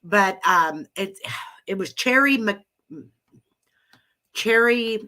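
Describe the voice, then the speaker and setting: Casting note: bright, forceful middle-aged woman with a cold, rambling live host. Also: medium pitch, animated, slow. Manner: rambling, chatty, laughs often. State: has a cold. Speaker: live audio room host. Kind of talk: casual chat with listeners.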